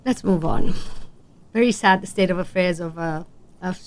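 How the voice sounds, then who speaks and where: Soft-spoken woman interview host. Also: on the low side, normal speed. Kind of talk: interview questions.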